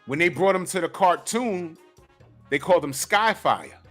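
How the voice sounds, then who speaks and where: A middle-aged man hosting a casual chat about old cartoons. He tells stories in an animated way, acting out his own reactions, and repeats words and uses fillers often. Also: sits high, moderate pace, soft background music. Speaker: host.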